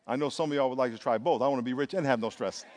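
A middle-aged man preaching a lively, emphatic sermon in a church, calling on the congregation to answer back. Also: mid-range voice, very fast, slight background noise. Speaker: pastor. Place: church sanctuary. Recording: long reverb of a large hall.

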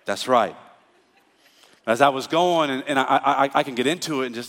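A middle-aged male pastor preaching a sermon in a church, telling stories and building up to shouted praise. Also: medium pitch, brisk. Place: church auditorium. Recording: reverberant church hall.

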